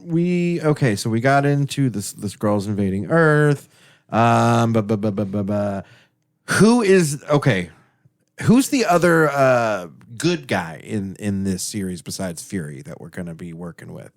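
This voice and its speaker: A man's voice: on the low side, lively intonation, a little slow. A man co-hosting a podcast in casual chat, laughing often and swearing freely. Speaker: podcast co-host.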